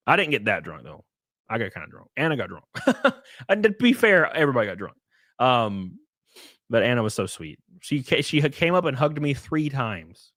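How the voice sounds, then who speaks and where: A man's voice: mid-range voice, fairly bright tone, dry recording, studio quality. A man chatting casually on a live stream, rambling, laughing and reading out chat messages. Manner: rambling, reads chat aloud, laughs often.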